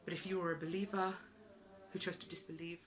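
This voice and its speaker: A woman's voice: on the low side, little pitch movement, quick pace, background noise. A woman giving an earnest, emotional religious talk, repeating phrases for emphasis. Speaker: Islamic speaker.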